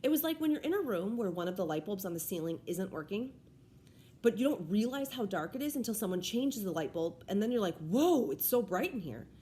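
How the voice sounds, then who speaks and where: A woman reads a first-person story aloud with an animated, swooping delivery. Her narration is expressive and clear, with a faint hum of room ambience behind it. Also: medium pitch, a little fast. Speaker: reader. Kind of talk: audiobook read-aloud.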